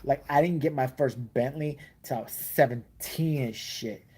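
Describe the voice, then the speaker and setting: A man's voice: medium pitch, normal speed, a little mellow, husky, lightly acted. A man voicing a spoiled rich young man posing as a gangster rapper, in a mocking, swaggering slang drawl. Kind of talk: comedic impression in casual chat.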